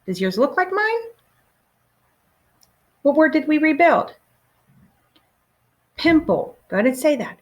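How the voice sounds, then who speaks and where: A woman teacher leading a recorded phonics lesson for children, patient and encouraging, pausing for answers. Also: high voice, very animated.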